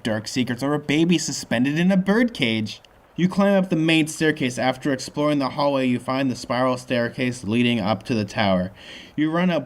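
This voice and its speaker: Man reading a storybook with jokey asides. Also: medium pitch. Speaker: host. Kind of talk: reading a choose-your-own-adventure book aloud.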